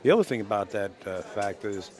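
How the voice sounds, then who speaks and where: A man's voice: fairly low pitch, fairly quick, a crowd in the background. Chatty man calling a pool match. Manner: relaxed, chatty, wraps up the broadcast. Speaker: play-by-play commentator. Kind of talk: pool commentary. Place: commentary booth at a billiards hall.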